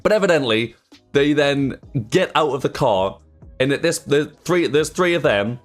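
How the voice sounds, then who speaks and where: A man's voice: a little high, lively intonation, normal speed, soft background music. Rambling young man telling a story. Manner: rambling, many fillers and swearing. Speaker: YouTuber. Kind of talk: casual storytime vlog. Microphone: desk microphone.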